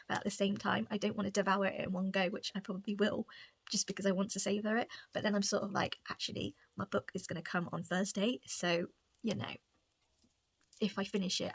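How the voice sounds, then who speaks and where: A woman's voice: medium pitch, creaky, breathy edge, no echo. A woman talking casually about her reading in a rambling, chatty way at home. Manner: rambling, chatty, lots of filler "like". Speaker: book vlogger. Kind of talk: casual reading vlog chat.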